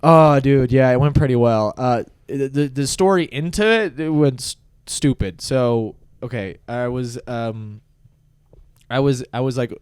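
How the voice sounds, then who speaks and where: A man on a casual comedy podcast, telling a long work story with lots of swearing and loud bursts of laughter. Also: medium pitch, measured pace, clear, resonant tone, no room sound. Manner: animated storyteller, swears freely, laughs loudly at his own story.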